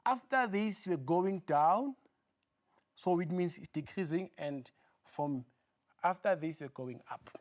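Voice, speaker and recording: A maths teacher giving a video lesson, asking rhetorical questions and repeating key terms, often trailing off quietly at phrase ends. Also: mid-range voice, animated, a little slow.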